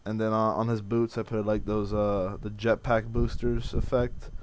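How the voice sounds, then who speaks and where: A man's voice: lowish voice, little pitch movement, moderate pace, a little mellow, slight background noise. A man in his twenties venting in a rambling, profane vlog with many restarts. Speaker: vlogger.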